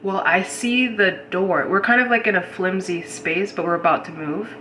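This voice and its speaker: A woman's voice: mid-range voice, normal speed, slight background noise, rough recording. A woman casually retelling a strange dream to her audience, rambling and saying "like" constantly. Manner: rambling, heavy use of "like", animated retelling. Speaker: host recounting a dream. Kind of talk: casual storytelling to a live audience.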